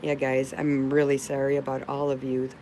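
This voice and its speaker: Her pitch is extremely low and her delivery completely flat as this middle-aged woman casually chats on a livestream at a moderate pace. She reads and answers viewer comments with warmth and feeling, calling them babe. The low-quality audio has a slight hiss or hum.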